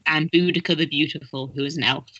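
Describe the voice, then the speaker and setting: A woman narrating as game master of a tabletop game, chatty and quick to giggle. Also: deep voice, fairly even intonation, a bit bright, no room sound, muffled recording.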